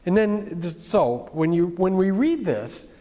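A man's voice: sits high, big pitch swings, unhurried, mellow, long reverb tail. A man preaching a sermon as pastor, in a plain-spoken, conversational way.

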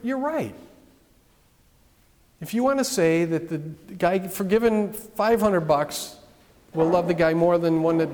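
A man's voice: fairly high pitch, a little mellow. A man preaching a sermon in a conversational way, full of restarts, asides and questions to the congregation. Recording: long reverb of a large hall.

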